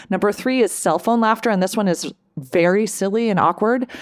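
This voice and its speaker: A middle-aged woman hosts her own coaching podcast and talks listeners through tips. Her voice sits a little low, and she keeps an upbeat tone, laughing easily and asking "right?" as she goes. The sound is close and dry, with no room around it. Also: darkish tone, dry recording. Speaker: life coach and podcast host. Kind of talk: solo podcast talk, coaching advice.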